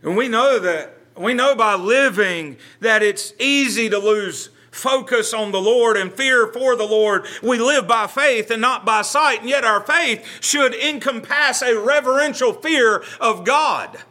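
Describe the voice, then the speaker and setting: A man's voice: very high-pitched, a little slow, few pauses, sharp tone. A man, a pastor leading a Bible study, speaking earnestly and conversationally, often repeating words as he gathers his thoughts.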